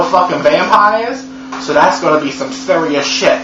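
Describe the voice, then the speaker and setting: A man's voice: fairly high pitch, moderate pace, bright, forceful tone. Profane, sarcastic man reviewing a movie. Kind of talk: comedic movie recap. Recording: echoey room, dull lo-fi sound with hum.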